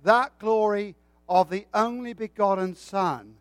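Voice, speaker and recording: A man's voice: sits high, a little slow, no room sound. A man preaching a sermon with a folksy, joking way of telling stories.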